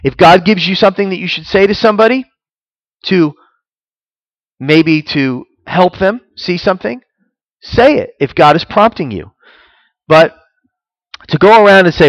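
A man's voice: sits high, expressive, moderate pace, pauses often, no room sound, lo-fi sound. Earnest man preaching, dry close sound. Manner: earnest teaching, rising with emphasis, reads scripture aloud. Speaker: pastor. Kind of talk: sermon.

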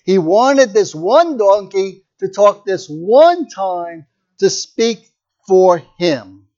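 Preacher, male, high voice, chatty storytelling sermon, muffled lo-fi recording. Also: expressive, slow, warm tone. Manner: storytelling, conversational asides.

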